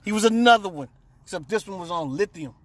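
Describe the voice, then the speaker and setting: A man's voice: high voice, animated, fast talker, no echo. A man on a radio talk show telling a rambling, profane story and acting out the quotes. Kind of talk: casual storytelling chat.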